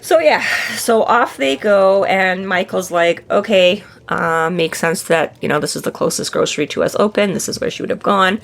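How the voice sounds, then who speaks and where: A woman's voice: medium pitch, normal speed, gravelly, few pauses. A woman co-hosting a book podcast in casual chat, swearing freely and acting out the characters' lines. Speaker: podcast co-host.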